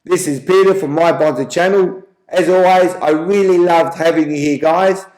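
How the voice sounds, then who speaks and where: A man's voice: fairly high pitch, steady tone, moderate pace, a little mellow. A man with an Australian accent hosting a joke channel, telling jokes in an easygoing, chatty way. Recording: roomy echo.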